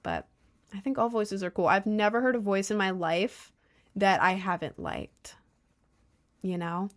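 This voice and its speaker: A woman's voice: mid-range voice, unhurried. A young woman talks to her stream chat in a loose, rambling way, circling back on her words and stacking fillers. Her speech is slangy and emphatic, and she now and then stumbles over a word before pressing on. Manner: rambling, heavy on fillers and repeats; fumbles and stutters over words. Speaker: livestreamer reading chat.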